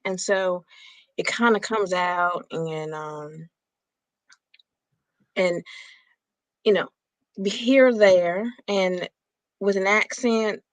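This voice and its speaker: A woman's voice: mid-range voice, drawn-out words, long pauses. A woman with a mid-range voice chats playfully and easily slips into put-on accents. Her voice is recorded close and dry, with no room echo. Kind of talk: casual chat.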